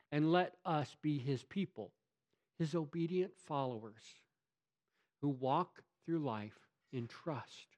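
A pastor delivering a sermon, emphatic and swinging from loud to hushed, asking rhetorical questions of the congregation. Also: male voice, mid-range voice.

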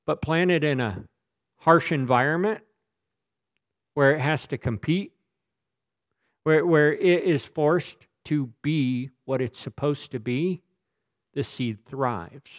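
A male pastor delivers a sermon with strong emphasis, doubling words as he drives a point home. His voice sits a little high for a man. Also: slow pace, pauses often. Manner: emphatic, repeats words when stressing a point.

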